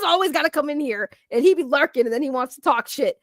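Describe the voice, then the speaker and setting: A young woman talks loudly and excitably, laughing often as she riffs with her stream chat. Her voice sits high and is captured close and dry, with no room around it. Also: fast talker, few pauses, dry recording. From Boston, Massachusetts. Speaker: streamer reacting to videos. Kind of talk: casual reaction stream chat.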